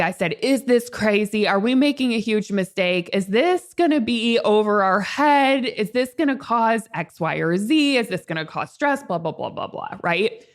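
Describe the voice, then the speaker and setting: A young adult woman hosting a solo podcast, telling a personal story in a casual, animated way that swings between excited highs and calm low tones. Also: unhurried, hardly any pauses. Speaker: podcast host.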